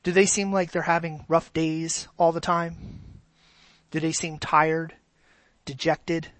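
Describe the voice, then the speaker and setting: A preacher giving a sermon, animated and asking the congregation rhetorical questions. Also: mid-range voice, slow pace, no room sound, low-quality recording.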